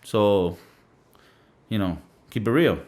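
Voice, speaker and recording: A man's voice: on the low side, lively intonation, slow, a little mellow. Blunt, cussing man from Venezuela. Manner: blunt, profane, emphatic with lots of fillers. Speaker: podcast host. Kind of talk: casual monologue.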